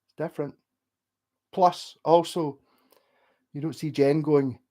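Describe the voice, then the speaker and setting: A man's voice: on the high side, slow, pauses often, warm tone. A drunk man with a Scottish accent, hosting a casual late-night livestream, rambling and swearing as he rants to viewers. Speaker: livestream host.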